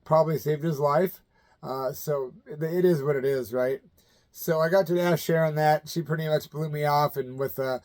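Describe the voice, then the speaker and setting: Midwest guy in his 50s spinning old rock stories, slightly high voice, chatty, acts out everybody. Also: moderate pace. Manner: animated, colloquial, acts out the people he quotes. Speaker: channel host telling stories. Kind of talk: casual anecdotal storytelling.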